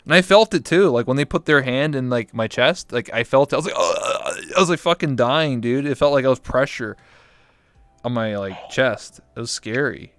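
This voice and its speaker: A young man, a guest on a talk show, telling stories in casual chat with animated, profane reactions. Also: medium pitch, fairly quick, no echo, soft background music. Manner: animated, swears freely, acts out his own reactions.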